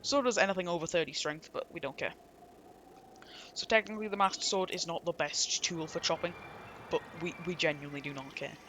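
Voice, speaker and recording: Bright-voiced chatty English guy gaming. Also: on the high side, a little fast, slight background noise. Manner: chatty, rambling, jokey. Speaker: gameplay streamer. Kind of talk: casual let's-play commentary.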